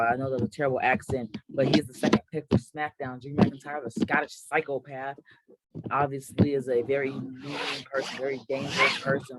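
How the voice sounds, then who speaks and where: A gaming channel host with a medium-pitched voice calls out a mock wrestling draft like a hyped announcer, correcting himself now and then. The recording is very noisy.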